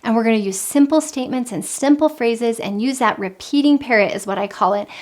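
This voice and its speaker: Calm, earnest woman coaching parents. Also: a little high, brisk. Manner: calm, earnest, with frequent repetition. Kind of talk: instructional parenting talk.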